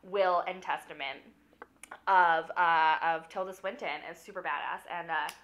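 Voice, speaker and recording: Bright-voiced drunk young woman rambling. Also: lowish voice, fairly even intonation, unhurried, muffled recording. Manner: rambling, fills every phrase with "like". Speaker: film recapper. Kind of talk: rambling comic movie recap.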